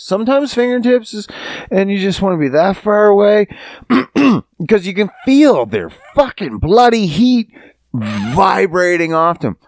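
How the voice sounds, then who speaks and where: A man's voice: high-pitched, no room sound. A man hosting a podcast who talks to his listeners in a casual, rambling monologue, swearing freely and joking. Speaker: podcast host.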